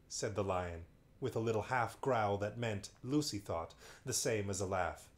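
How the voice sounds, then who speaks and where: A man's voice: fairly low pitch, moderate pace. A man reading a bedtime story aloud on a livestream, breaking in with playful, wry asides. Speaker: storyteller host.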